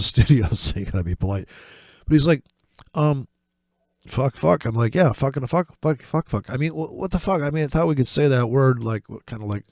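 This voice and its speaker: A man giving casual, rambling commentary over trading charts, swearing often and breaking into excited, mocking asides. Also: lowish voice, dry recording. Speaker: forex trading vlogger.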